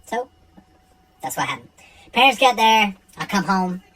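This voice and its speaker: A man tells a true personal story in a relaxed, casual way, blunt and full of profanity. His voice moves up and down a lot as he goes. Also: high-pitched, measured pace, low-quality recording.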